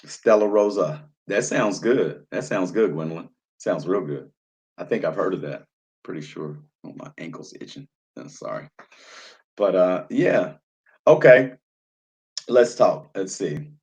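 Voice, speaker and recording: A man's voice: low voice, expressive, measured pace, gravelly, a little mellow. Chatty man in his thirties hosting. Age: 30s. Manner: chatty, loose, repeats words and trails off with fillers. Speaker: live-stream host reading viewer chat. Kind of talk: casual chat while drinking wine.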